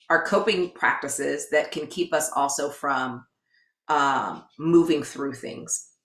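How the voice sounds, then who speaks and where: Low-voiced woman thinking aloud. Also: a bit bright. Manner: thoughtful, searching, with many restarts and fillers. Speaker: guest, educator. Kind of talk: reflective conversational storytelling. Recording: roomy echo.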